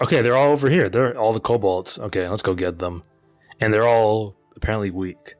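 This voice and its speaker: Laid-back young man gaming commentary. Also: fairly low pitch. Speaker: gaming channel host. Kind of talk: casual game commentary.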